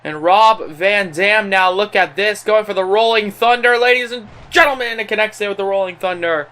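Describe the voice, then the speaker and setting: A young man calls a video game wrestling match play-by-play, like a gaming channel host. His voice sits high and bright. He uses an excited announcer style, filling gaps with ums and correcting himself mid-sentence. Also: normal speed.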